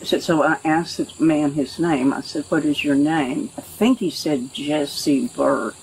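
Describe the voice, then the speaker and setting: A man's voice: fairly high pitch, a little slow, vocal fry, darkish tone, slight background noise, poor audio. A man witness telling police what happened, rambling and acting out what people said, recorded on a police body camera at his rural home. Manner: rambling storyteller who acts out quotes.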